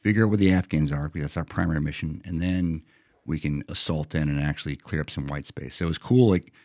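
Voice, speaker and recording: A man's voice: very deep voice, fast, dark tone, no echo, studio quality. A middle-aged American veteran man telling a combat story in a plain-spoken, casual way, slipping into quoted self-talk. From United States.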